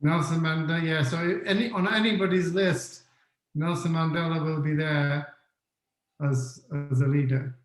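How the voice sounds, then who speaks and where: Male webinar speaker, fairly high voice, interactive lecturer who repeats key points; echoey room. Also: steady tone, normal speed, slight background noise. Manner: questions the audience often, repeats key points.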